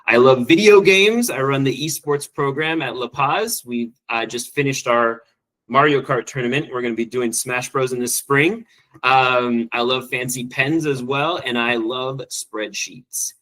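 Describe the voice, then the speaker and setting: Male teacher running a training session, eager and fast-moving, lots of ums, mid-range voice. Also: medium pitch, a bit bright, rough recording. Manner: quick, enthusiastic, with frequent ums and restarts. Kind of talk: online training presentation.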